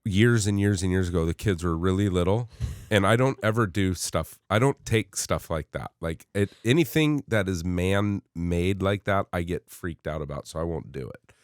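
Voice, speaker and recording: A middle-aged man co-hosting a podcast. He tells a story in casual, animated chat and acts out the other people in it. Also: low-pitched, moderate pace, no room sound, studio quality. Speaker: podcast co-host.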